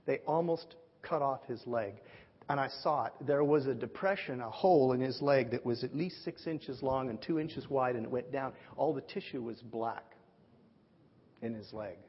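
A man's voice: medium pitch, normal speed, husky. Man preaching in a reverberant hall. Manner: animated storyteller, acts out quoted voices. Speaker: pastor. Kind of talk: sermon storytelling. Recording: dull lo-fi audio with long hall reverb.

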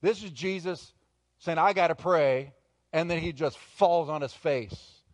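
A male pastor preaching a sermon, moving between quiet, intimate asides and loud, emphatic bursts. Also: fairly high pitch, a little slow, no echo.

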